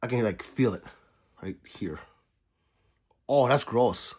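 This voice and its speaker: A man's voice: mid-range voice, takes it slowly. A man livestreaming casually, reading his chat aloud and joking back at viewers.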